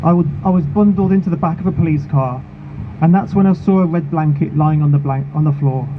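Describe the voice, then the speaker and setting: A man delivers a measured, emotional speech at a protest in a fairly high voice. The sound is narrow and phone-like. Street noise and passing vehicles run clearly under his words. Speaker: charity founder speaking at a protest. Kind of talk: prepared speech at an outdoor rally.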